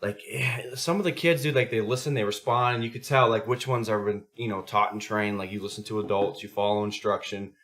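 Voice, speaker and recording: Bright-voiced, profane podcast guy. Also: lowish voice, fairly quick, hardly any pauses. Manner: profane, animated storytelling. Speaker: podcast host; youth sports coach. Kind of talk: casual chat.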